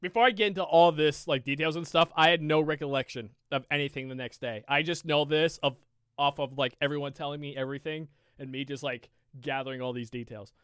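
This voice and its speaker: A podcast co-host telling a casual story, rambling with lots of fillers and swearing freely. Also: male voice, fairly high pitch, steady tone, a little fast, fairly bright tone, smooth, no room sound, studio quality.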